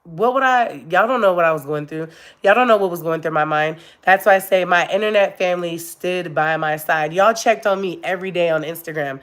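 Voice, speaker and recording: A woman's voice: lowish voice, brisk. Chatty young woman vlogging live. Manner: chatty, emotional, laughs often, talks to viewers directly. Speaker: YouTube vlogger. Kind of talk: casual live-stream chat to viewers.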